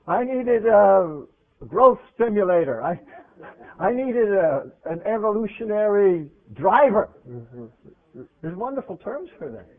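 A man preaching a sermon in a conversational way. He asks his listeners questions, and his voice swings from loud to hushed. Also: high-pitched. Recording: tinny phone-like radio recording.

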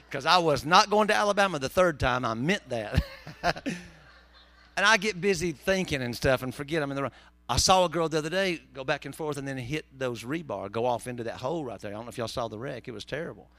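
A man's voice: medium pitch, lively intonation, fairly quick, a bit bright, no room sound. A man preaching a sermon, telling folksy, joking stories. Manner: folksy, joking storyteller with southern turns of phrase. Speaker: pastor.

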